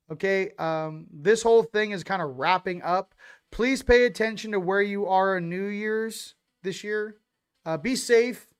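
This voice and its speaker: Hyped guy hosting a chill stream, kinda high and smooth voice, rambles a lot. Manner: hyped, shouting out viewer locations; loose, rambling, repeats "ladies and gents". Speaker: host. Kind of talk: casual livestream chat.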